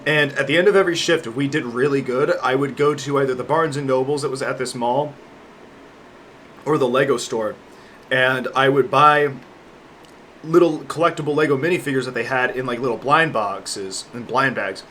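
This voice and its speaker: A man's voice: mid-range voice, normal speed, fairly bright tone, a little hiss or hum. A young man in his twenties chatting casually as a vlogger, rambling and joking with lots of fillers and swearing. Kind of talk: casual chat.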